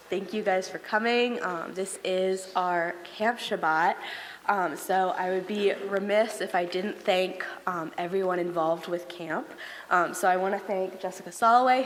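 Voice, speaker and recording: A woman's voice: medium pitch, slight background noise. A woman leading a camp service who thanks the congregation and introduces camp guests, with a friendly, filler-heavy way of talking. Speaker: camp program leader. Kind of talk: congregation announcements. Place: synagogue sanctuary. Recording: long reverb of a large hall.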